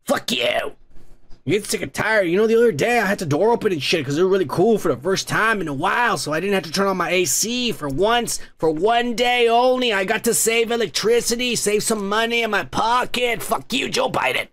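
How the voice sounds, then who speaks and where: Podcast host, male, high-pitched, profane rambling ranter. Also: lively intonation, brisk, few pauses, a bit bright. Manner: angry, swearing, rambling. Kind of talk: profane comedic rant.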